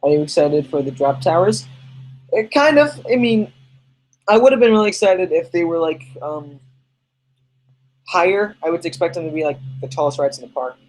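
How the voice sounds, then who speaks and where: A man's voice: fairly high pitch, expressive, moderate pace, pauses often, slight background noise, poor audio. A man hosting a casual livestream podcast, rambling and chatty as he answers viewers' questions. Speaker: podcast host reading live chat.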